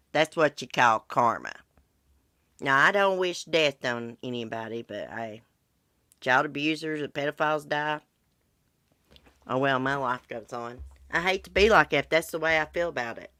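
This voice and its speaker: Congested lady hosting a chatty livestream, low voice, talks blunt and swears casually, dead dry room. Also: unhurried, sharp tone, no room sound. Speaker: livestream host. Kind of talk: casual chat about true crime with live viewers.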